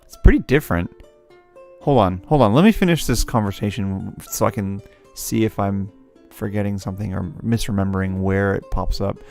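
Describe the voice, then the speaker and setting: Man, low voice, game commentary, reads dialogue aloud, faint music behind. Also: normal speed, darkish tone. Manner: reads game text aloud with playful voices, laughs often. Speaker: let's play streamer.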